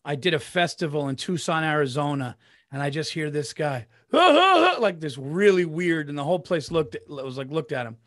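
A man hosting a podcast, telling an excited story in casual chat, saying "dude" and restarting sentences. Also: a little high, fairly quick, no echo, clean studio sound. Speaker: podcast host.

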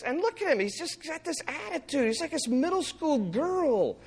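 Male pastor, high and bright voice, lively, jokey sermon delivery. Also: moderate pace, hardly any pauses, slight background noise. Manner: animated, playful, acts out scripture.

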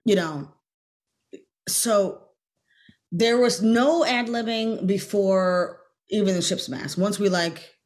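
Animated woman telling a story. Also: medium pitch, slow. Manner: lively, acts out quoted lines in loud bursts. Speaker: guest actress. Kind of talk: animated storytelling in a podcast interview.

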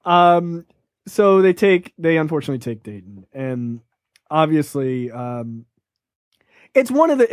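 A man co-hosting a podcast chats casually about a film, loose and profane and laughing often. His voice is on the high side, captured as clean studio sound with no echo.

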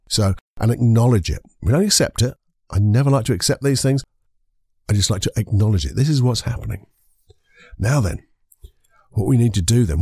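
A man with a low, husky, mellow voice, talking the listener through a self-help method. He speaks directly to them and keeps repeating the key words. The sound is dry and close, with no room in it. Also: no echo. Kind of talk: motivational self-help talk.

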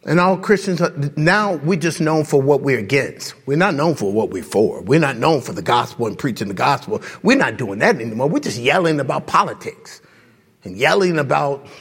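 Raspy, lively-voiced preacher man. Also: medium pitch, moderate pace. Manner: impassioned preaching, rhetorical questions, chuckles between points; conversational, addresses the congregation directly. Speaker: pastor. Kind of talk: sermon.

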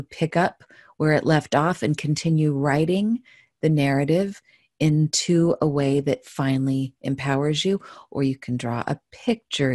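A woman reading her own rhyming story aloud in a gentle, playful, musing way. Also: low-pitched, no echo, studio quality.

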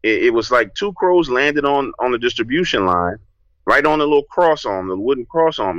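A man, a podcast guest telling a story in a casual, lively way and acting out what he said back then. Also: mid-range voice, normal speed, no echo, lo-fi sound. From New Orleans, USA. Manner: lively, acts out his own past lines.

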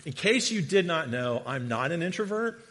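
A middle-aged man, a guest preacher, giving a sermon with a humorous personal story, animated and joking as he tells it. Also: fairly high pitch, moderate pace. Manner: animated storyteller, jokey asides. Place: church sanctuary. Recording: long reverb of a large hall.

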